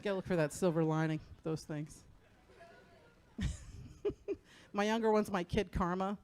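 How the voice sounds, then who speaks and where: On a comedy club stage before a live crowd, a middle-aged New Jersey woman performs a profane stand-up set in an unhurried, slightly mellow voice. She's brash and laughs often at her own jokes, putting on a high voice to act out her son.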